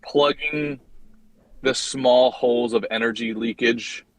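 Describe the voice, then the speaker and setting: A man's voice: medium pitch, steady tone, takes it slowly, no room sound, low-quality recording. A man co-hosting a podcast who mostly listens, then sums up what he heard with a question. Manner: brief affirmations and summarizing questions. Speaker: podcast co-host. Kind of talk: casual podcast chat.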